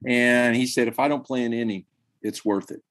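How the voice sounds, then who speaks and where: A man, a high school baseball coach, telling stories earnestly and emphatically in a podcast interview. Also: fairly even intonation, moderate pace, fairly bright tone. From Tennessee.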